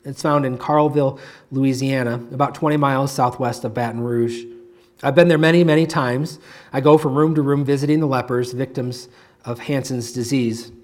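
Man, pastor, sermon storytelling, measured, slowing to a near-hush at key moments, mid-pitched voice. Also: fairly even intonation. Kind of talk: sermon with a read-aloud story.

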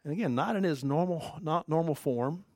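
A man's voice: fairly high pitch, moderate pace, no echo, studio quality. A man preaching a casual Bible-teaching sermon, talking conversationally and asking the listeners questions. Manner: conversational, animated, asks the audience questions. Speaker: pastor.

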